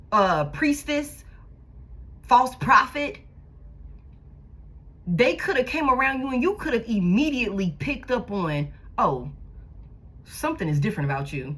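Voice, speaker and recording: A woman's voice: on the high side, a bit bright. A woman giving a casual tarot reading, blunt and profane, repeating herself for emphasis. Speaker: tarot reader.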